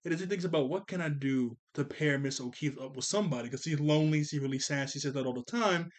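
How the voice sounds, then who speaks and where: A young man giving a casual episode review of a cartoon, chuckling often and jumping into quick character voices. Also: a little high.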